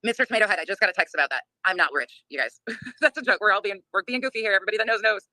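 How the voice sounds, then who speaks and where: A woman hosts a livestream and rants very fast while reading chat, blunt, profane and laughing. Her medium-pitched voice has a sharp tone, and the recording is dry.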